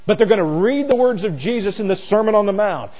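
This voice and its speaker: A man preaching a Bible-study sermon, teaching word by word, swinging from soft, low stretches to loud, emphatic ones. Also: expressive, fast.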